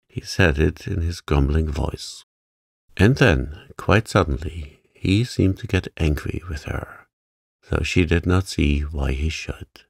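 A man gently narrating a sleep story for adults in a calm, unhurried reading. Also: extremely low pitch, vocal fry, no echo, clean studio sound.

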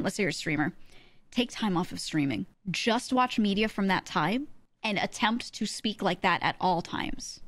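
A woman's voice: mid-range voice, fairly quick, dry recording. A woman streamer chatting casually with her viewers, rambling and thinking aloud with fillers and restarts.

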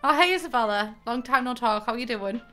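Bright, tearful woman streamer. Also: fairly high pitch, lively intonation, brisk. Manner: chatty, self-mocking, rambling with restarts. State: tearful, emotional. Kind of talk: casual end-of-stream chat. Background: soft game music.

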